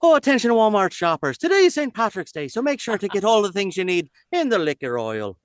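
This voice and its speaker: A man doing a high, bouncy voice as a store loudspeaker announcer. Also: very animated, fast. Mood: cheery.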